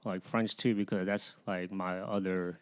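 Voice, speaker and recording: A man's voice: low voice, level tone, unhurried, smooth. A man from the United States, a guest comedian in a casual chat, talking hesitantly with many fillers and restarts.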